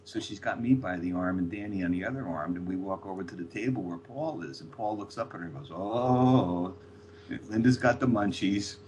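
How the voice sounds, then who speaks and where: An older man, a guest author, telling lively anecdotes and acting out the voices of people he quotes. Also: low voice, fast talker, few pauses, background noise. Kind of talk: storytelling anecdotes.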